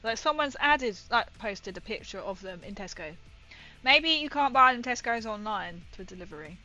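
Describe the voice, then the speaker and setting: Bright-voiced northern English woman streamer. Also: medium pitch, lively intonation, normal speed, poor audio. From northern England. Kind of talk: casual livestream chat while painting. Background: faint music.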